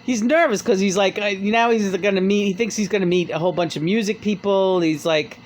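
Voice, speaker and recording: A podcast host chats casually while retelling a memoir, at an ordinary middle pitch. The talk rambles, swears freely and stumbles over restarts. A faint hum of ambience sits behind the voice. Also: fairly quick. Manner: rambling, profane, full of restarts.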